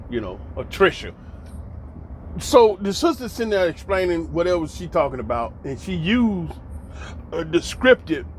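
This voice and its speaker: Speaking in a fairly high pitch, this American host gives a monologue commentary that's emphatic and preachy. He repeats lines for effect and throws in mocking asides. There's a little hiss or hum in the audio.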